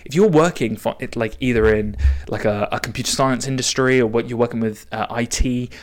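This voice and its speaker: Man, young adult, podcast host, casual monologue, rambling, frequent restarts, mid-pitched. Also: a little fast.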